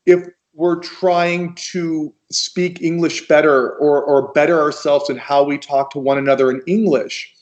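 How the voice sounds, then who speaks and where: An American man speaking as a guest on a video call, talking in a slow, gentle and encouraging way. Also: a little high. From United States.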